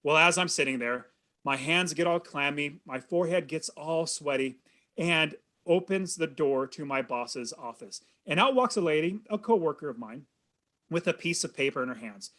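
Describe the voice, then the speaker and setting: On a podcast, a guest from California in his thirties recounts a personal story to the host with earnest animation. He talks at a moderate pace, plain and warm, and his voice sits a little high for a man.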